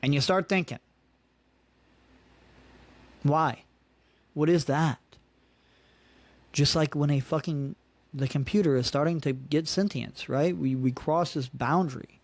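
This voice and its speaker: A man's voice: a little high, normal speed, dry recording. A man in his thirties hosting a solo podcast, ranting in a casual, profane, frustrated way and peppering his talk with "dude" and "man". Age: 30s. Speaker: podcast host.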